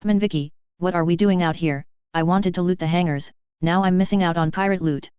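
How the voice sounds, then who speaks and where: Narrator as a whiny, loot-hungry teen boy merc, crisp and dry. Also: mid-range voice, steady tone, a little fast, dry recording, lo-fi sound, lightly acted. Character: eager, loot-hungry teenage boy mercenary.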